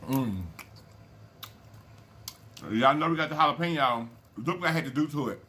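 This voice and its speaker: A man's voice: a little high, quick pace, sharp tone, a little hiss or hum. A man hosting a casual eating show, folksy and chatty, calling viewers y'all and baby and humming over his food. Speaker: mukbang channel host.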